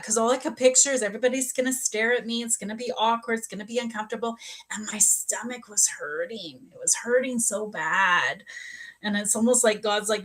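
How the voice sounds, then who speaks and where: A woman's voice: on the high side, fairly quick. A woman working as a psychic medium, chatting casually on a livestream, telling a personal story and acting out the dialogue. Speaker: psychic medium and spiritual coach.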